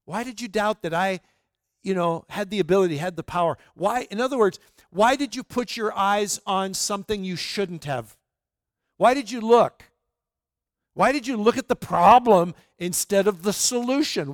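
High-voiced man preaching a conversational sermon. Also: a little slow, dry recording, clean studio sound. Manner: conversational, many restarts and rhetorical questions. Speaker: pastor.

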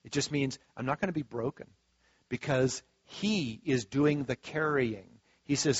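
A male preacher giving a sermon in a folksy, conversational way, swinging between soft asides and loud emphatic stretches. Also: medium pitch, unhurried, husky, no echo. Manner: folksy and conversational, acting out quoted voices. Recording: dull, dry lo-fi sound.

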